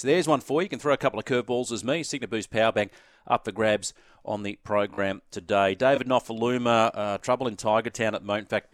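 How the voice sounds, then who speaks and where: A man's voice: on the low side, dry recording, clean studio sound. A man with an Australian accent hosting talk radio, delivering an opinion editorial and repeating key phrases for emphasis. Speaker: radio sports host.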